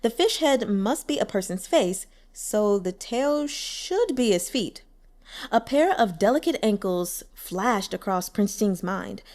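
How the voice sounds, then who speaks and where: A woman reading a novel aloud as an audiobook narrator, telling the story expressively. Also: slow. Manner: expressive storytelling with lively pitch. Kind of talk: scripted narration.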